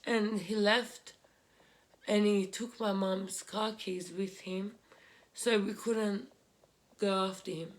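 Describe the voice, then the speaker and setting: A young woman, telling a painful family story in a vlog while crying, halting and repeating herself. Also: medium pitch, steady tone. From Australia. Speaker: vlogger. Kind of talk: emotional personal story while doing makeup. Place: home room, indoors.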